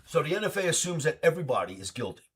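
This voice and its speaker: A husky-voiced man hosts a live Q&A stream and tells his stories with lots of swing in his pitch. He talks loosely, swears casually and acts out both sides of the conversations he retells. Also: very fast. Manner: animated, swears freely, acts out dialogue. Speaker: stream host answering questions. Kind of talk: live Q&A storytelling.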